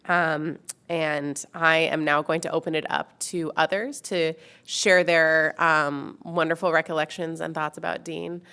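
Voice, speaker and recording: A woman with a deep, low voice leads a formal public board meeting. She talks warmly but haltingly, full of small pauses and fillers. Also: little pitch movement, creaky, clear, resonant tone. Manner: warm, halting, many fillers.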